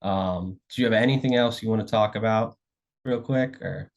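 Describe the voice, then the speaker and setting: A man's voice: fairly low pitch, moderate pace. A man interviewing a guest over a video call, easygoing and hesitant, with many "uh"s and "um"s. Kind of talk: casual interview chat.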